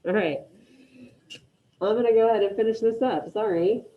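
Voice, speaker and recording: A woman's voice: medium pitch, normal speed, phone-quality sound. A woman teaching an online Spanish class, encouraging her students and calling on them by name.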